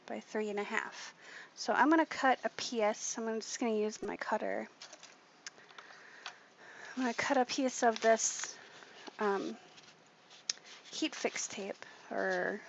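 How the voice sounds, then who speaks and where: A woman's voice: a little high, vocal fry. A woman hosting a casual craft tutorial, chatty and thinking aloud as she works at her desk. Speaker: craft channel host. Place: home craft room at a desk. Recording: muffled, lo-fi audio with background noise.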